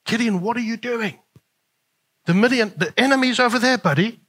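A man's voice: very high voice, normal speed, a bit bright, pitched above the performer's own voice. A man mimicking an offended churchgoer who scolds in a mocking, exasperated way. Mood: indignant.

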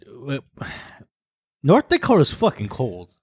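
A man co-hosting a podcast, talking bluntly and swearing for emphasis. His pitch is average for a man. He is recorded close up in a dry, deadened room. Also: wildly swooping pitch, slow, darkish tone, breathy edge, dry recording. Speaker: podcast co-host. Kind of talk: casual chat.

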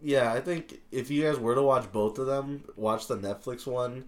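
A man co-hosting a casual podcast, chatting in a relaxed way with crude jokes. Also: mid-range voice, moderate pace. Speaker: podcast co-host. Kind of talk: casual chat.

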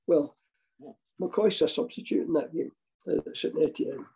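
With a fairly high, creaky yet mellow voice at a moderate pace, an older Scottish ex-football manager rambles through anecdotes, chuckling, restarting, and voicing quoted characters. The audio is poor.

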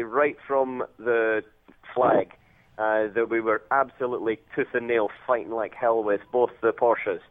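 Scottish male phone guest, laid-back, tinny line. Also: fairly low pitch. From Scotland. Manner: relaxed storytelling with many fillers. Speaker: racing driver guest. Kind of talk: phone interview.

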